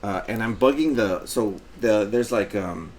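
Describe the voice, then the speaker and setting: A man's voice: lowish voice, unhurried, a little hiss or hum. Rambling, swearing male podcast storyteller. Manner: rambling, animated storyteller who acts out quotes, swears freely. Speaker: podcast co-host. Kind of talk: casual storytelling chat.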